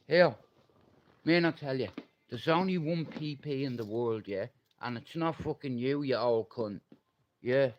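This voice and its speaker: A man's voice: medium pitch, measured pace, lo-fi sound. A middle-aged man, ranting and swearing on a livestream. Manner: confrontational, swearing, threatening.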